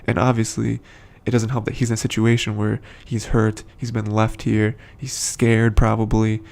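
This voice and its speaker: A man's voice: lowish voice, completely flat delivery, moderate pace, gravelly, a little mellow. A man giving a casual, rambling recap of a TV episode, full of fillers and restarts, with the odd chuckle. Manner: chuckles between points. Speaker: show commentator.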